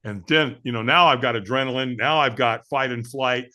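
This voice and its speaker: A man guest on an interview show, telling a personal story with lively, acted-out quotes and frequent restarts. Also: mid-range voice, a little fast. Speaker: guest, firewalk instructor.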